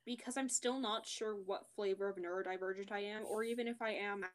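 A young woman co-hosting a casual podcast over a call, lively and teasing, laughing at herself. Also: medium pitch, brisk. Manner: lively, teasing, self-deprecating, laughs often. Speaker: podcast co-host. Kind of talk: casual chat.

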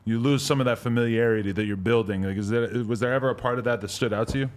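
A man hosting an interview, asking long, loosely worded questions with many fillers. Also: mid-range voice. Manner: measured, rambling questions with fillers. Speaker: podcast host, interviewer.

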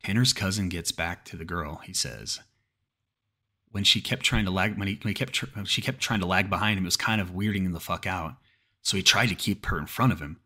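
A man's voice: low voice, a little fast, pushed and bright. A man narrating a creepypasta horror story in a cursing, casual way, often restarting mid-sentence.

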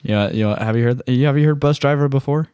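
A man's voice: mid-range voice, quick pace, warm tone, clear, resonant tone, no room sound. A young man co-hosting a podcast, easygoing and asking questions in casual chat on a dynamic mic in a studio. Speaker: podcast co-host.

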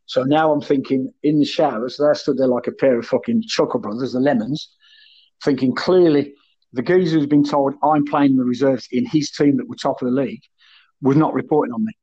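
A man's voice: medium pitch, brisk, breathy edge. A middle-aged man, a former footballer, telling blunt, sweary stories in casual podcast chat. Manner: blunt, sweary, animated storytelling. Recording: muffled lo-fi audio.

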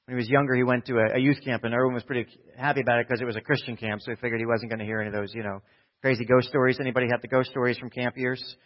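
Male pastor, from New Jersey, sermon, quiet asides to loud exhortation, mid-pitched, dull lo-fi recording. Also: little pitch movement, rapid-fire.

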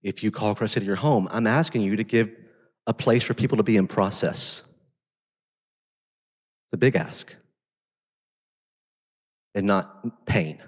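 A man preaching a sermon as pastor, talking conversationally and swinging between intense emphasis and quiet storytelling. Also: fairly low pitch, a little slow, pauses often, husky, long reverb tail.

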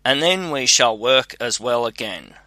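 Brief: a fretful, scolding father, read by a man, slow and bright-toned. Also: medium pitch, expressive, no echo. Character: cautious older working father.

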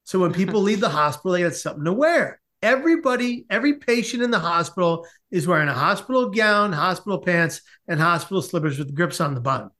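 A man, a podcast guest, telling a comic personal story with lively asides. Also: sits high, fast talker, hardly any pauses. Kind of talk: animated storytelling in a podcast interview.

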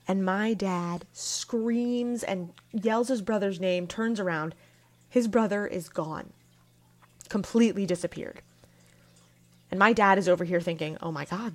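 A young woman hosting her own podcast, telling a family story in a casual, lively way. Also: lowish voice. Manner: casual, animated storytelling with laughs. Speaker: podcast host.

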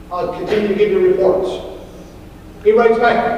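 Preaching as a pastor, a man tells a story and brings its characters' lines to life in an animated way. His high voice moves at normal speed with a little hiss or hum. The sermon takes place in a large hall or church, recorded from a distance with echo and faint ambience.

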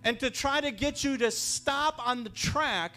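A man preaching a sermon, telling personal stories and building to fervent shouts. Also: very high voice, measured pace, faint music behind.

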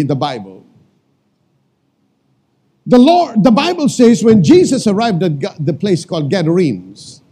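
A man preaching a sermon as pastor, calling out to the congregation and repeating lines for emphasis, sometimes shouting commands. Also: high-pitched, breathy edge.

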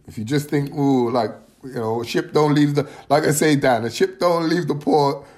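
A man's voice: a little high, moderate pace, a little mellow. Guy ranting about football, emphatic, keeps saying right. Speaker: podcast pundit, former player. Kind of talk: casual chat.

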